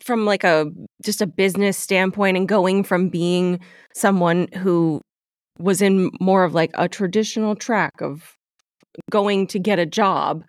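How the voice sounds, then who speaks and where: A woman's voice: on the low side, steady tone, unhurried, no echo, clean studio sound. A woman co-hosting a podcast, asking long, winding questions with a playful edge. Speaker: podcast co-host. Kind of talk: casual interview chat.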